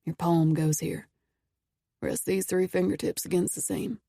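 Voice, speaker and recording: A woman voicing an easygoing young man who coaches and teases a girl, in a lower, relaxed drawl, in an audiobook reading. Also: measured pace, gravelly, no room sound, studio quality. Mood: gentle, teasing. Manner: relaxed, low teasing drawl.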